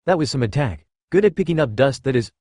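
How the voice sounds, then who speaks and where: Ein Mann als höhnischer junger Schurke. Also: male voice, medium pitch, expressive, fast talker, darkish tone, no room sound, clean studio sound, lightly acted. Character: cruel powerful young male villain, smug.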